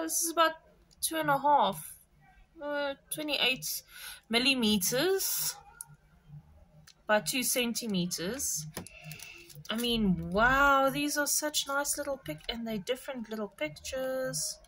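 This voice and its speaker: Gushing, bright-voiced craft vlogger woman. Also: a little high, a little hiss or hum, low-quality recording. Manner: gushing, excitable, addresses viewers as guys. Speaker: craft vlogger unboxing a subscription box. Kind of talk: casual unboxing chat to viewers.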